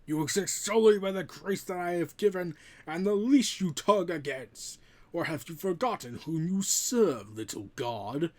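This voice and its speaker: A man voicing an ancient male cosmic devourer who speaks in slow, booming commands, reading from a comic. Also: expressive. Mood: scornful.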